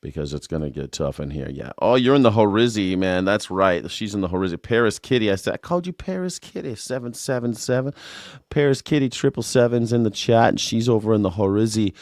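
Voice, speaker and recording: Host, male, low dry voice, loose jokey livestream commentary with self-mocking riffs. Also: lively intonation, fairly quick, darkish tone, no echo. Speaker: news and culture commentator. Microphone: desk mic with monitors.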